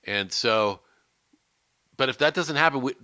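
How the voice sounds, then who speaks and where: A man co-hosting a relaxed faith podcast, chatting, joking lightly and reading verses aloud. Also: medium pitch, measured pace, no echo. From California. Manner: conversational, reads scripture aloud, jokes lightly. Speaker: podcast co-host. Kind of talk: casual faith discussion.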